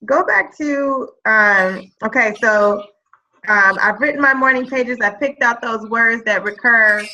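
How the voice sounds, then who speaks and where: A woman's voice: on the high side, measured pace, pushed and bright, lo-fi sound, slight background noise. A woman student in a writing workshop, asking a question hesitantly and with fillers.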